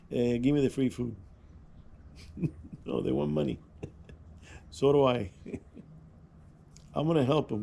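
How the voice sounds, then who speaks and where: A man's voice: mid-range voice, creaky, dark tone, a little hiss or hum. A man vlogging, telling rambling anecdotes in a casual way, with restarts and chuckles. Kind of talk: casual storytelling.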